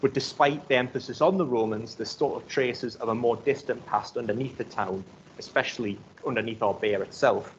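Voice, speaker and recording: A man's voice: medium pitch, fairly quick. A young man with a Geordie accent from South Shields giving an academic talk in a loose, conversational way, full of "um" and "like". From South Shields, North East England. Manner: conversational, many fillers like um and like. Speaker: archaeology lecturer. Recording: dull lo-fi recording with faint noise.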